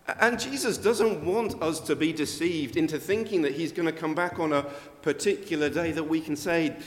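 An older man preaching a sermon in a conversational way, with sudden emphatic rises. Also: on the high side. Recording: long reverb of a church hall.

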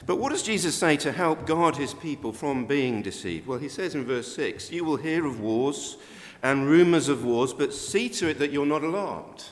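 A man's voice: a little high, expressive, moderate pace, few pauses. Man preaching in an echoing hall. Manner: conversational with emphatic rises. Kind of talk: sermon. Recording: long reverb of a church hall.

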